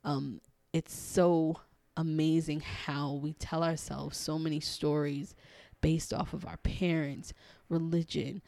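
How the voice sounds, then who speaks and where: A young woman with a raspy, hoarse voice talks through her thoughts on a solo podcast. She is earnest and encouraging, often pausing with "um" and restarting sentences. The sound is dry and close, with no room around it. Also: deep voice, little pitch movement, warm tone, no room sound. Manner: earnest, encouraging, thinking aloud with many "um"s and restarts. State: hoarse, partly lost voice. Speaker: podcast host and spiritual coach. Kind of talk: reflective solo podcast monologue.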